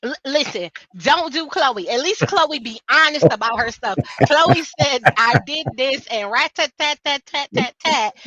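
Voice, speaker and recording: Bold, bright-toned sassy woman, dry lo-fi call sound. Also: sits high, no echo. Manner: sassy, teasing, emphatic slang. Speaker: regular panelist. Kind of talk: casual live-stream chat. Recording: dull lo-fi call audio, dry.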